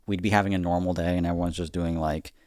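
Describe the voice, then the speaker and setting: A man's voice: sits low, flat delivery, fast talker, darkish tone, dry recording, studio quality. A man co-hosting a comedy podcast, telling a rambling, profane story full of filler words. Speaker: podcast co-host.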